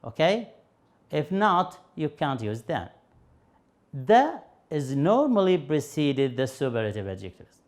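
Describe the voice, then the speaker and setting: A man with an Arabic accent teaching English grammar on television, explaining slowly and patiently with fillers and repeated examples. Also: on the high side, big pitch swings. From Yemen. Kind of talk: TV grammar lesson.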